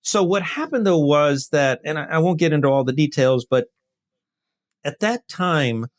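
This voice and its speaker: A man from East Los Angeles, a scientist guest, telling his story in an interview with lively asides. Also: on the high side, moderate pace.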